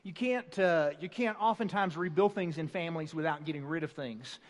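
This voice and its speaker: A middle-aged man leads a folksy church family class, chatty and full of restarts. His voice sits high. It rings through a big hall with long reverb. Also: moderate pace. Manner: chatty, rambling with many fillers and restarts. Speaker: family seminar speaker. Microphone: handheld or stand microphone.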